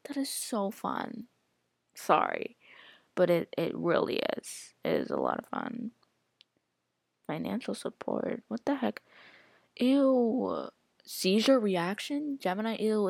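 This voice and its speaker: A woman's voice: mid-range voice, wildly swooping pitch, normal speed, vocal fry, dry recording, studio quality. A woman hosting a casual solo podcast, rambling and chatty, full of "like" and reacting aloud to what she scrolls through. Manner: rambling, chatty, heavy use of filler "like". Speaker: podcast host.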